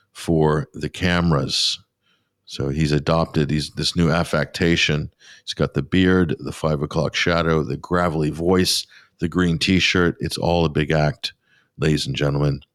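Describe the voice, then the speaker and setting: Male radio host, very low voice, dry studio sound, sarcastic and scornful commentary. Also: no room sound. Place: pop-up studio.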